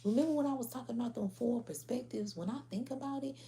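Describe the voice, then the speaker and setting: A woman's voice: on the high side, quick pace, dark tone. Profane, laughing woman tarot reader. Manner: blunt, profane, laughing, slangy. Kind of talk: casual tarot reading to viewers.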